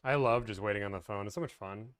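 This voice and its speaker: A man hosting a live stream about negotiating car deals, chatting casually and thinking out loud with frequent restarts. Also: lowish voice, fast talker, heavy background noise. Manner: thinks aloud, rambling with restarts. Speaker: car deal negotiator and livestream host.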